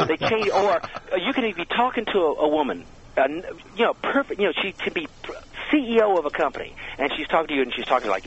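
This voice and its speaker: A man from Georgia, guest on a show, telling stories in a lively way over the phone, with many false starts. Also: fairly high pitch, fast talker, slight background noise. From Georgia, USA. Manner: animated, lively storyteller with many restarts. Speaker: guest, sound effects expert. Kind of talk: interview chat. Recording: dull phone line.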